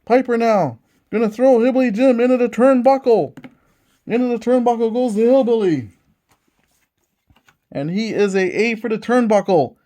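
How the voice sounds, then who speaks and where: A man calling a tabletop wrestling game in the manner of an excited ring announcer, narrating each move as it happens. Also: very high voice, normal speed, long pauses. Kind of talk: wrestling play-by-play commentary.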